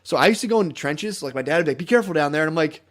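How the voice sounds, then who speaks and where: A man in his thirties co-hosting a podcast in laid-back casual chat, often dropping into low, mumbled asides. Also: expressive, very fast. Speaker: podcast co-host.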